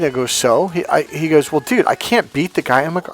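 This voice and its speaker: A man with a slightly high voice tells a personal story in a loose, casual way. He is animated and swears freely, and jumps up loud when he acts out what people said. Faint music plays behind him. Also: fairly quick, hardly any pauses. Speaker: motivational coach.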